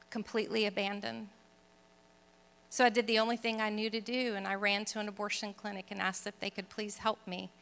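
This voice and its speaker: A woman's voice: mid-range voice, smooth. Earnest woman telling her testimony. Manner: earnest storytelling, dropping soft and hushed in grief. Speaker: speaker sharing her testimony. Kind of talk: personal testimony talk. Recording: long reverb of a large hall.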